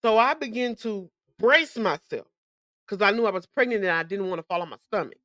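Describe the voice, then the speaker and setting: A young woman recounts her own experience as a podcast host, in a candid, emphatic way that loops back on words. Her speech is slangy and casual, her pitch sits mid-range for a woman, and the recording is close and dry with no room sound. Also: fairly quick, fairly bright tone, dry recording, muffled recording. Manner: candid and emphatic, with frequent repetitions. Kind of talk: personal storytelling.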